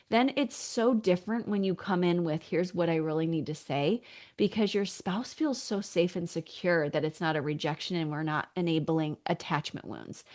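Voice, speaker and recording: A woman hosting a podcast on marriage, talking in a relaxed way and murmuring agreement while her guests speak. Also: lowish voice. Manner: affirming, many listening murmurs. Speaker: podcast host. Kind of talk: casual chat.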